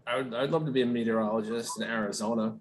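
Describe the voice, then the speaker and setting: A man's voice: medium pitch, steady tone, fast talker. A man chiming in as a co-host with teasing, offhand quips. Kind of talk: casual podcast banter.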